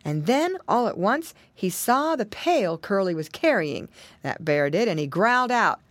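A woman reading a children's storybook aloud in an expressive, sing-song storytelling manner. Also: mid-range voice, a little slow, no echo, studio quality. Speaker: audiobook reader.

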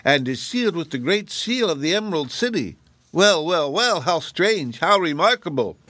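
A man's voice: on the high side, lively intonation, moderate pace, no echo, voice pushed up, lightly acted. A man voicing a sober, pompous male white rabbit gatekeeper who speaks sharply and doubtingly in a storybook reading.

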